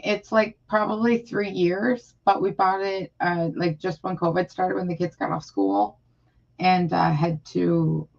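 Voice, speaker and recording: Woman, live streamer, casual rambling chat, frustrated, gravelly, dull lo-fi audio. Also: on the low side. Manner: frustrated, rambling with many fillers.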